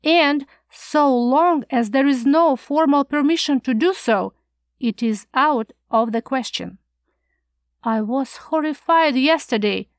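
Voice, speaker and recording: A woman's voice: high voice, slow, no echo, clean studio sound. A woman doing a fretful, prim old schoolmaster. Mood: fretful lecturing. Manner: fretful, scandalized, lecturing. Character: fussy, anxious, prim older male schoolmaster.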